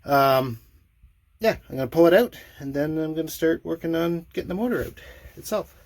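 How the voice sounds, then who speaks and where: An older boat owner talks his way through a motor refit inside his sailboat cabin, his voice on the high side, darkish, brisk, and animated. The narration is casual and dry, poking fun at himself, with plenty of fillers.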